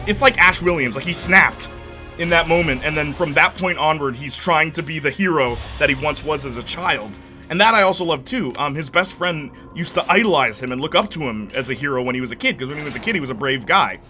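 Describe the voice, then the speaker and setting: Bright-voiced rambling gaming commentator man. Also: fairly high pitch, expressive, brisk, faint music behind. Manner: rambling and enthusiastic, many fillers. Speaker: gameplay commentator. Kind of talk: casual let's-play commentary.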